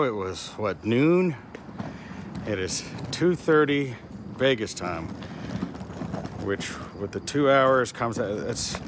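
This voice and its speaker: Blunt Texan man vlogging by the road. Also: lowish voice. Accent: Texan Southern. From Texas. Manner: rambling, blunt, swears casually. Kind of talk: casual travel vlog. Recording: outdoor traffic noise behind.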